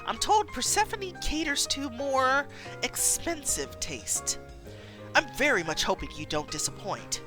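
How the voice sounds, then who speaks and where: A woman voicing a poised, confident young woman with a cool, measured delivery, read aloud from a story game. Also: sits high, very animated, over music, voice pushed up.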